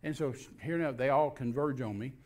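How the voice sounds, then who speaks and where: A minister telling a lively personal story as a talk show guest, acting out the scenes as he goes. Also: medium pitch, fairly quick. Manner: animated storyteller, acts out scenes.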